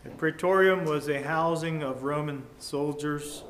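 Slow, earnest preacher in a roomy hall. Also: male voice, fairly high pitch. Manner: measured, earnest, with sudden swings between loud and hushed. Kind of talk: sermon. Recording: echoey room with faint ambient noise.

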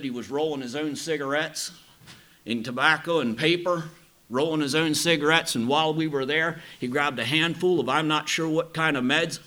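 Bright-voiced folksy male preacher. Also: mid-range voice. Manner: plain-spoken, folksy, conversational. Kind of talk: sermon storytelling.

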